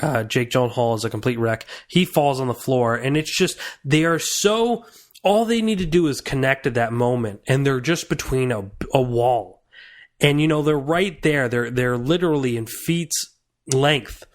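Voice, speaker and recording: A young man giving a casual, earnest film review on a podcast, rambling and restarting his thoughts. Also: medium pitch.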